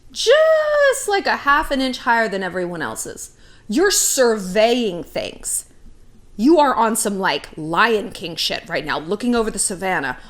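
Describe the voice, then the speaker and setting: A woman in her thirties giving frank dating advice on her vlog, brash and profane, acting out little quoted voices. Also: on the high side. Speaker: YouTube dating advice host.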